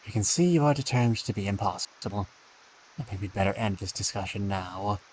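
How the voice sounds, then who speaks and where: A man's voice: on the low side, a little fast, slight background noise, close to an everyday voice, poor audio. A man playing an indignant, stiff grown son. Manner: formal, indignant demands. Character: resentful grown son, male, stiff and demanding.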